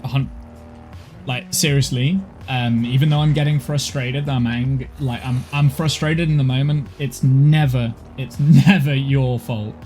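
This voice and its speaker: A man's voice: medium pitch, fairly even intonation, unhurried, darkish tone. Male streamer, tired, chatty and apologetic, rambling with restarts, music faintly in the background. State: tired, overheated. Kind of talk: casual live-stream gaming chat. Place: home office.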